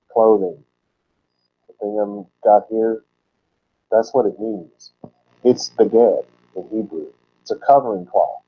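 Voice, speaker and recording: Man teaching scripture, dull lo-fi sound. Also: lowish voice. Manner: explains word roots, repeating words slowly for emphasis. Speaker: Bible teacher. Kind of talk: sermon-style Bible teaching. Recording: dull lo-fi recording.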